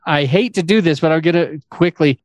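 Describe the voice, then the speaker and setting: Man hosting a podcast, bright, dry. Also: on the high side, fairly quick, no room sound. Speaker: podcast host. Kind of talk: casual interview chat.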